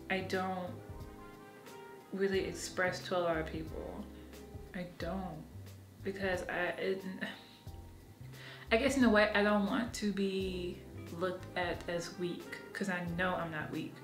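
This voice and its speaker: A woman's voice: on the low side, fairly even intonation, slow, pauses often, roomy sound, music in the background. A woman vlogging from her apartment, talking frankly and with lots of swearing, laughing at herself as she goes. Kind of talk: casual confessional vlog.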